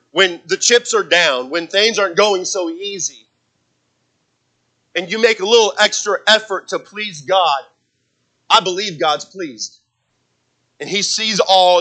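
Here the preacher's voice is high and unhurried, broken by frequent pauses, on a low-quality recording. He cites scripture emphatically, getting louder and softer as he presses each point.

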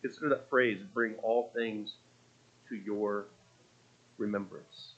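A man's voice: lowish voice, fairly even intonation, takes it slowly, fairly bright tone, highs cut off. A man preaching a sermon in a conversational, storytelling way, often restarting his phrases.

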